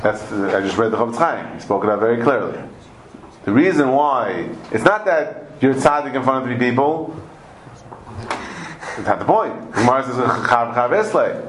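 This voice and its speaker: A man's voice: medium pitch, lively intonation, normal speed. A man teaching a Talmud study class, explaining emphatically and often repeating words as he goes. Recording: echoey room with faint background noise.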